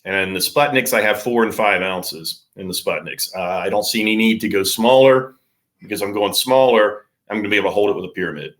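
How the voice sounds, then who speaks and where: A middle-aged man, a surf fishing charter captain, explaining gear in a relaxed, practical way with plenty of fillers. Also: on the low side, fairly quick. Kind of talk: casual podcast interview.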